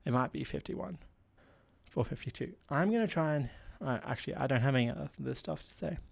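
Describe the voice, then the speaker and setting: A man's voice: fairly high pitch, a little fast, gravelly, slightly rough. A young man hosting a solo podcast, rambling casually with lots of filler words while he feels unwell. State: unwell with a headache. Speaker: podcast host.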